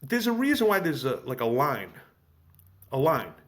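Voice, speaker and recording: A man from the United States chatting on a podcast in an animated, self-deprecating way, with many halting restarts. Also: mid-range voice. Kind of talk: casual podcast conversation.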